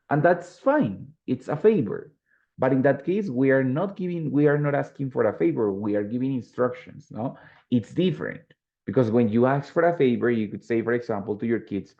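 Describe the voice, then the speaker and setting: A man's voice: medium pitch, moderate pace. A man with a Colombian Spanish accent teaching an English class, explaining patiently and slipping into Spanish. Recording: dull lo-fi audio.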